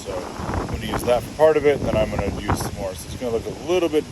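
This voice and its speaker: A man's voice: on the low side, lively intonation, fast talker. A man casually talking through a woodworking project on his homestead, thinking aloud as he goes. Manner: easygoing, thinking aloud while working. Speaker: homestead vlogger. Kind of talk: casual vlog talk. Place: outdoors on a rural homestead. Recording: loud outdoor background noise.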